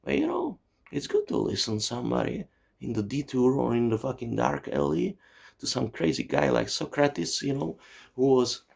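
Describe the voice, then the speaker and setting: This channel host, a man in his forties from Czechoslovakia, sounds very animated, his mid-range voice creaky and slightly rough at a moderate pace. He swears and drifts off on tangents in a rambling monologue, repeating "you know" and "you see."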